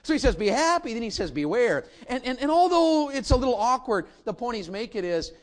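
A man preaching a folksy, animated sermon in a church, repeating phrases for emphasis. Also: very high voice, quick pace. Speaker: pastor. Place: church sanctuary.

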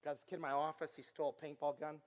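A middle-aged man giving an earnest storytelling sermon as a youth speaker, repeating himself and dropping from loud to hushed. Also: fairly high pitch, level tone, rapid-fire. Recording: long reverb of a large hall.

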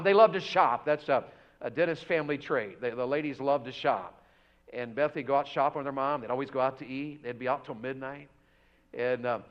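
A man preaching a revival sermon in church, swinging between loud emphatic exhortation and soft joking asides. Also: a little high, highs cut off. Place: church sanctuary.

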